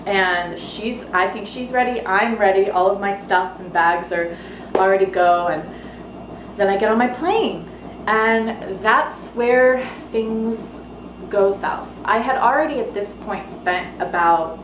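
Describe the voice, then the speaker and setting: A young woman from the United States tells a story in a chatty, animated way, slipping into quoted asides. Her voice sits a little low for a woman. The room echoes, and a faint hiss runs underneath. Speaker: vlogger. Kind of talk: casual storytelling vlog.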